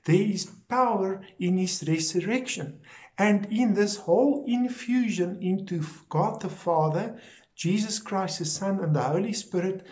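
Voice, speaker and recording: Slow, deliberate male preacher. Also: sits high, darkish tone. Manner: slow, deliberate preaching with repeated emphatic phrases. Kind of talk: recorded sermon episode.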